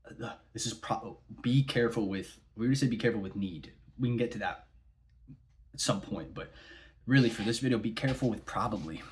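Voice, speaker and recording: Deep-voiced man rambling casually. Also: a little fast. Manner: rambling, with many restarts. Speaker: vlogger. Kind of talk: casual monologue.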